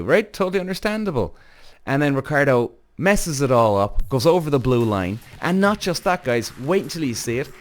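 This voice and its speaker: Male podcast host, mid pitch, loose, excitable and profane delivery, faint music underneath. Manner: animated, rambling, swearing, exclamatory. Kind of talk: casual commentary on a TV series.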